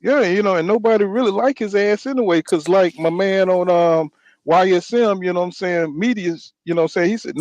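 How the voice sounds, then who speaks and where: A man's voice: high-pitched, brisk, a little mellow, no room sound, poor audio. A man hosting a boxing talk show, ranting in casual slang and often saying "you know what I'm saying.". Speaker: podcast host.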